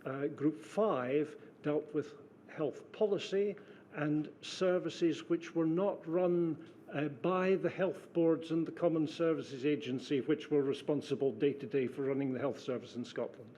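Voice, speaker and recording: An older man answering questions at a formal inquiry, careful and precise, with frequent pauses and fillers. His voice sits somewhat high for a man yet sounds dark and mellow. A faint hiss of noise runs underneath. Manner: measured, precise, hesitant with fillers. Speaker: witness, former civil servant.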